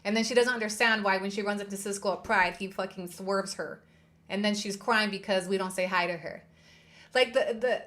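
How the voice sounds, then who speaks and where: A woman's voice: mid-range voice, moderate pace, a bit bright. Woman host, livestream commentary, indignant, profane, repetitive emphasis. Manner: heated, indignant, swearing; repeats herself for emphasis.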